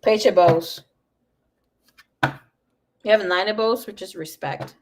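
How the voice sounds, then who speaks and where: A woman in her young adult years gives a live tarot reading, speaking in a blunt, animated way with plenty of swearing. Her voice sits at an ordinary middle pitch. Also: slow pace, noisy background. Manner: frank, animated, swears freely. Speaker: tarot reader.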